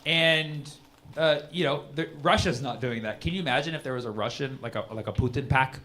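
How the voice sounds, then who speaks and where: A man's voice: mid-range voice, a little fast, sharp tone. A man doing a stand-up comedy set in a rambling, ironic way, full of "like" and "you know", recorded live on a comedy club stage with audience noise.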